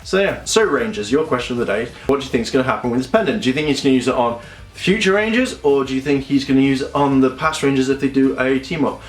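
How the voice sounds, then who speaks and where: A young man, chatting casually as a video reviewer and acting out scenes in quick little voices. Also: medium pitch. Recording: echoey room with faint music.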